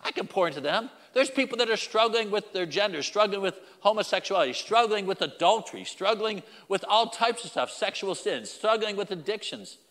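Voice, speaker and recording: A man's voice: high-pitched, lively intonation, fairly quick, hardly any pauses, a bit bright, in a large hall. A man preaching a sermon as pastor, emphatic and repetitive, speaking directly to the congregation.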